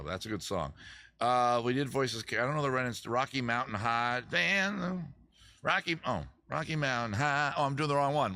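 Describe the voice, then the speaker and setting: A man hosting a casual livestream, rambling and self-mocking with deadpan asides. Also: lowish voice. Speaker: livestream host. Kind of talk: casual livestream chat between songs.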